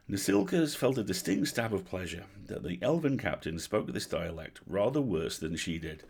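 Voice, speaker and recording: A man reading a dark fantasy novel aloud on a livestream, in a steady, measured storytelling manner. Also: low-pitched, creaky, husky.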